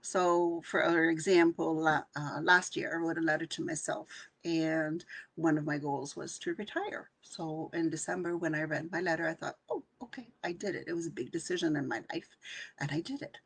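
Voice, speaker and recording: An older woman who works as an intuitive channeler, hosting a live session and leading a calm, soft guided meditation talk in which she half whispers some lines. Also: deep voice, moderate pace, slightly rough.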